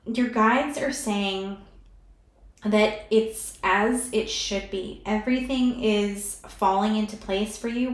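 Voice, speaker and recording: A woman giving a pick-a-card tarot reading in a soft, soothing way, emotional and close to tears as she talks straight to the viewer. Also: medium pitch, reverberant.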